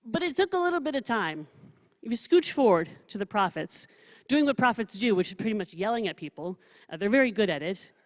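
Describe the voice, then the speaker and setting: A woman's voice: medium pitch, brisk. Chatty woman rabbi in a reverberant hall. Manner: chatty, humorous, reads quotes with animated emphasis. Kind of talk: study session lecture. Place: synagogue hall. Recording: long reverb of a large room.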